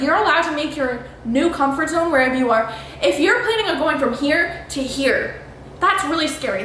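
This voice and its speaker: A woman's voice: sits high, fairly bright tone. A woman hosting her own vlog and giving a blunt, emphatic motivational pep talk. She swears freely and talks straight to the listener. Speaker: vlog host. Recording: very echoey room with faint noise.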